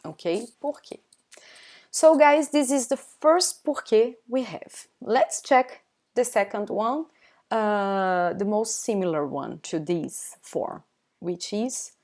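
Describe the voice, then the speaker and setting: Woman, Brazilian Portuguese accent, young adult, live online lesson, unhurried delivery, repeats examples, keeps asking "okay?". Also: medium pitch, lively intonation, darkish tone. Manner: repeats each example twice, checks in with "okay?". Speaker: language teacher.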